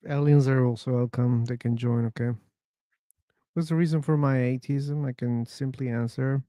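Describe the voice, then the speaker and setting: A man hosting a live stream, talking bluntly and with a joke now and then as he reads chat questions aloud. His voice is mellow and dark at a middle pitch, and the close mic leaves almost no room sound. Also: dry recording. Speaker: livestream discussion host.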